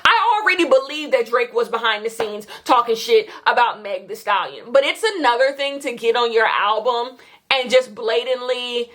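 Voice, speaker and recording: Blunt, high-voiced woman ranting casually. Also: moderate pace. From Kenya. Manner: blunt, animated, swearing, rhetorical questions. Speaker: podcast co-host. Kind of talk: casual opinionated chat.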